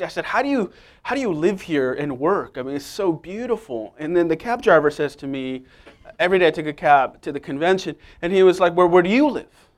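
A man preaching a lively, joking sermon straight to the congregation. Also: a little high. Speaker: guest preacher. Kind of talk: sermon with humor.

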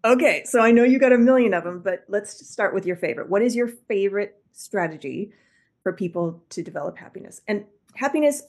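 A woman's voice: medium pitch, animated, a little fast, darkish tone. A woman hosting an interview, asking curious questions and adding emphatic comments. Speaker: podcast host. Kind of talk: interview conversation.

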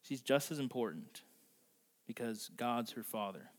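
A man's voice: mid-range voice, lively intonation. Man preaching in a reverberant hall. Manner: conversational preaching, slows and softens for emphasis; acts out voices in quotes. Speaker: pastor. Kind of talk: sermon. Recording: long reverb of a large hall.

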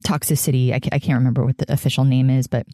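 Brief: woman in her 30s, podcast host, tearful and candid, mellow voice, dry close sound. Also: very deep voice, level tone, no echo. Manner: halting, emotional, frequent fillers and laughs. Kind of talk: candid solo podcast confession.

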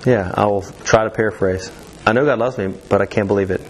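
A man's voice: fairly low pitch, steady tone, fast talker, a little hiss or hum. A man teaching a church youth class in a casual way, with lots of fillers, restarts and easy laughs. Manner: chatty, many fillers and restarts, laughs easily.

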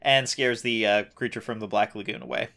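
A man's voice: on the low side, sing-song, brisk, vocal fry, bright, forceful tone. A man co-hosting a casual recap chat, riffing on the plot with sarcastic asides. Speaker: podcast co-host.

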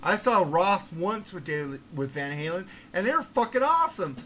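A man hosting a casual podcast, talking in a profane, excitable, ranting way. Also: sits high, normal speed, a little hiss or hum. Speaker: podcast host.

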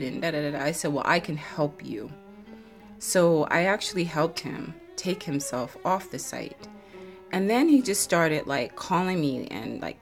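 A woman telling a personal story in a casual, animated way, with many fillers. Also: low-pitched.

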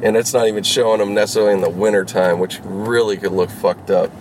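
A man's voice: fairly low pitch, fairly even intonation, fast talker, noisy background. A man rambling casually while vlogging from inside his car as a rideshare driver, full of fillers, restarts and swearing. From Los Angeles.

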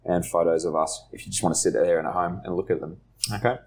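A man's voice: low-pitched, fairly even intonation, quick pace, vocal fry. Man hosting a jokey podcast wrap-up. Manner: jokey, chuckling through plugs. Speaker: podcast host. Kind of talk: casual podcast sign-off. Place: studio.

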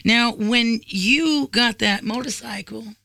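A woman's voice: a little high, takes it slowly, gravelly, pushed and bright, no echo. A woman telling a story in casual chat, blunt, sarcastic and profane. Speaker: podcast guest.

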